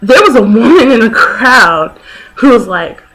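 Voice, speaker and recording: Twenties girl vlogging, bright sharp voice, chatty, does little voices for people. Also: on the high side, unhurried, poor audio. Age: 20s. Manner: animated, laughing, acts out people she quotes. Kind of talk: casual vlog storytelling.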